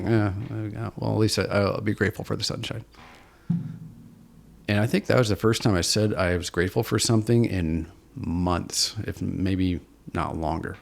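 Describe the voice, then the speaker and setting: Gravelly and sitting low, this man's voice belongs to a Seattle, USA podcast guest who openly recounts his own story in an earnest, reflective, self-deprecating way.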